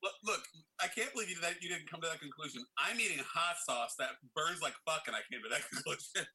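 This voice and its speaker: Young man with a very bright voice. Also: on the high side, lively intonation, fast, husky. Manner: wry, explains things, laughs often. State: mouth burning from hot sauce. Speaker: podcast co-host. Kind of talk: casual chat with friends.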